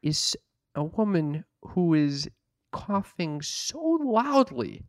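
Profane, exasperated storyteller with a dry sound. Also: male voice, a little high, sing-song, slow, dry recording. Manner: profane, exasperated storytelling with mocking put-on quotes. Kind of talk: casual storytelling chat.

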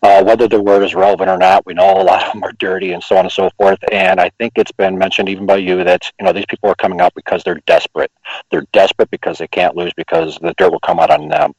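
A male talk radio host with a fairly low voice, putting his questions in a halting, hesitant way and restarting his sentences. The sound is dry and close, without any room echo. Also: breathy edge.

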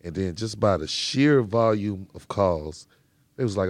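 A man's voice: lowish voice, animated, measured pace, dry recording. A man hosting a casual chat, who reacts expressively and swears casually as he tells a story.

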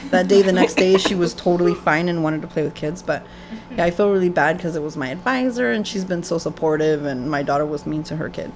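A woman, a mother and graduate student, talking casually with many pauses and fillers, laughing as she goes. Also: fairly low pitch, crowd noise. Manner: hesitant, many ums, laughs as she talks. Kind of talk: casual group chat.

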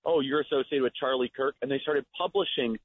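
Earnest male guest calling in, husky voice on a tinny phone line. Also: mid-range voice, steady tone, fairly quick. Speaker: guest, activist. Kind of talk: radio interview.

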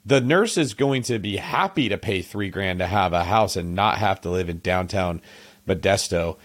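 Deep-voiced man hosting an interview. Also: normal speed. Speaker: podcast host. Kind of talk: casual interview talk.

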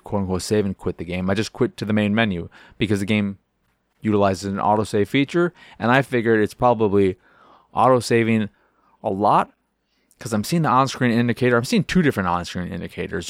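A podcast host with a fairly low voice rambles through a casual chat about video games, swearing freely and acting out little scenes along the way. The recording sounds close and dry, with no room sound at all.

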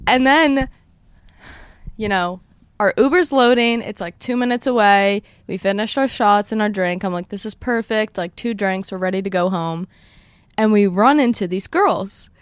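A young woman hosts a casual podcast, rushing through a story and acting out every quote. Her voice is smooth and resonant. It is recorded close and dry, with no room sound. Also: medium pitch, no echo. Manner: fast, animated storyteller who acts out quotes. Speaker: podcast host.

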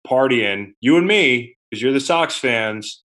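A man's voice: mid-range voice, lively intonation, measured pace, fairly bright tone. Rambling man chatting about sports. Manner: rambling, conversational, swears casually. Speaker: sports podcast co-host. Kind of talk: casual sports chat.

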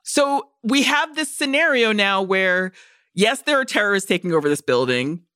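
Woman podcast co-host, bright and dry, animated sweary movie rant. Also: medium pitch, normal speed, clear, resonant tone, no echo. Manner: animated, profane ranting with acted-out quotes. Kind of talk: casual movie-review chat.

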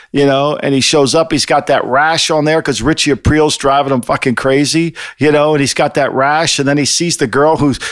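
A man's voice: on the high side, smooth, no room sound, studio quality. An older man on a podcast, chatting casually in a rambling, profane way with many restarts. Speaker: podcast co-host. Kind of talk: casual chat.

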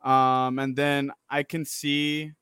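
A man's voice: mid-range voice, flat delivery, slow pace, fairly bright tone, smooth, no room sound. A man co-hosting a casual sports podcast who gives blunt, profane hot takes on college football. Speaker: podcast co-host.

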